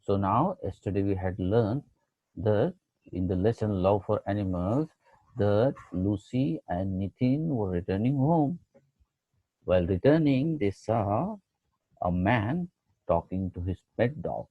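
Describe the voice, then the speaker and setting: A man teaches young pupils online, asking simple questions at an unhurried pace in a somewhat husky voice. The recording is dry and tinny, like a phone line. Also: lowish voice, animated, no echo. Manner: slow, patient questions to pupils, mixing in Hindi phrases. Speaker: schoolteacher. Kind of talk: online class lesson for children.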